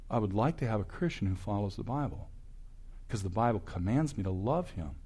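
An older man in his sixties, a campus ministry speaker giving a preaching talk that swings from loud, emphatic bursts to hushed asides. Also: mid-range voice.

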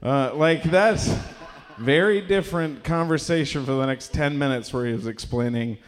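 Brief: male stand-up comic with an awkward, stammering delivery, mid-pitched voice, live in a reverberant room. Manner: awkward, halting delivery with many fillers; shrieking impressions of strangers. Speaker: stand-up comedian. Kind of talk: stand-up set. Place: small performance space with a live audience.

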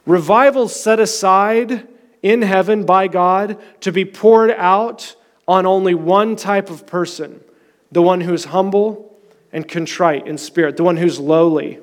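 A man preaching a sermon as pastor, passionate and emphatic, dropping soft at times. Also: high-pitched, a little slow.

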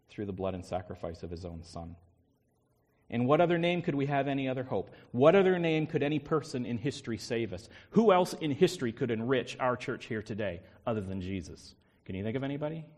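A man's voice: medium pitch, darkish tone. A male pastor preaching a sermon with emphatic repetition and rhetorical questions. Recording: long hall reverb.

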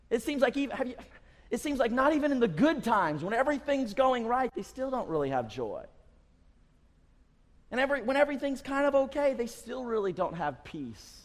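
A man's voice: high-pitched, expressive, moderate pace. A man preaching a sermon in a church, emphatic and repetitive, stressing his points again and again. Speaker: pastor. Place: church sanctuary. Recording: long church reverb.

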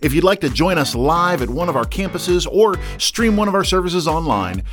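A male announcer reads a podcast intro in a smooth, polished delivery. His pitch moves a lot, and soft music plays underneath. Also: big pitch swings, moderate pace.

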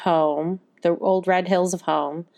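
Slow and low, with vocal fry, a woman chats on the musical theatre podcast she co-hosts. She fills her talk with fillers and keeps acting out quotes animatedly.

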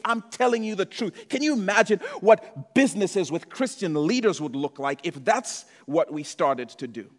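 A man preaching a sermon as pastor, swinging between loud emphatic lines and hushed ones. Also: high-pitched. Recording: echoey hall reverb.

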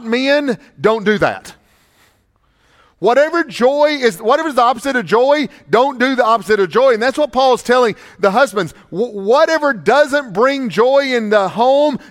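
A man's voice: very high-pitched, fairly bright tone. A male pastor preaching a sermon emphatically, with repeated rhetorical questions, in a church sanctuary with long reverb.

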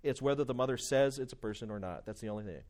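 A man's voice: medium pitch, racing. Man preaching an emphatic sermon. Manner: emphatic, repeats key points, varies loudness for stress.

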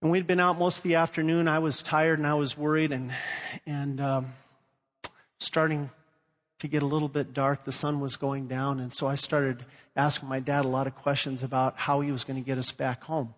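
A man's voice: medium pitch, flat delivery, moderate pace, fairly bright tone, long reverb tail. A man from Louisiana preaching a sermon and telling stories, acting out the voices he quotes. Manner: storytelling, acts out quoted voices. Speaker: pastor.

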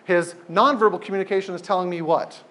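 A man's voice: high voice, quick pace. Emphatic man teaching a group. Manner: animated, emphatic, repeats phrases for effect. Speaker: speaker leading a group talk. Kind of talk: informal teaching talk.

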